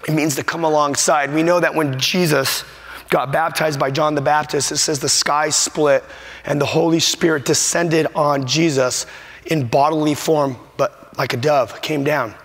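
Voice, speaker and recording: A man's voice: fairly high pitch, fairly even intonation, normal speed, fairly bright tone. A man preaching a sermon as a pastor, emphatic and repetitive, at times choked up with emotion. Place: church sanctuary. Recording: long hall reverb.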